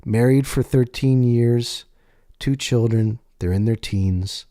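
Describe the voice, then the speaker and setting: A man telling his own life story in a candid, profane way, slowing down on emphatic words. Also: medium pitch, dark tone, dry recording, studio quality. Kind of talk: personal storytelling monologue.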